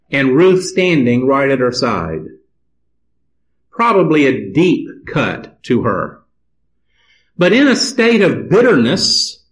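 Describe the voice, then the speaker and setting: A man preaching a sermon, reading scripture aloud and explaining it in a slow, deliberate manner. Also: a little high, rough recording.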